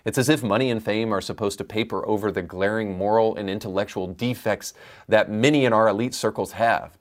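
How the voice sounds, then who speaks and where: A man's voice: on the low side, fairly even intonation, brisk. A man hosting a commentary show, delivering opinions in an emphatic, argumentative way. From United States. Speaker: commentary podcast host.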